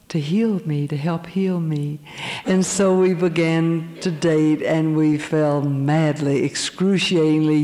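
An older woman telling her church testimony, animated and quick to laugh. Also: mid-range voice. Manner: animated storytelling, laughing often. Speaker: speaker giving a testimony. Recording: long hall reverb.

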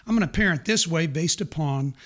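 Hoarse older man, earnest interview guest. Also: a little high, lively intonation, fairly bright tone. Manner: earnest, halting with restarts. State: hoarse, losing his voice. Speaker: guest, parenting ministry founder. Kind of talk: conversational interview.

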